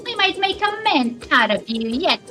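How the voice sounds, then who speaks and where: A woman's voice: high-pitched, big pitch swings, normal speed, over music, pitched above the performer's own voice. A woman voicing a bossy male drill-sergeant drone in a fan voice-over of a game, barking insults and orders. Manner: gruff military barking, insulting.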